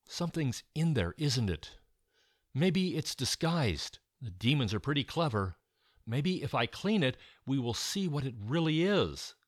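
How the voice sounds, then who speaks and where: A man's voice: mid-range voice, big pitch swings, unhurried, no room sound, clean studio sound. A man reading a story, voicing a clever, determined young girl who reasons aloud. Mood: thoughtful.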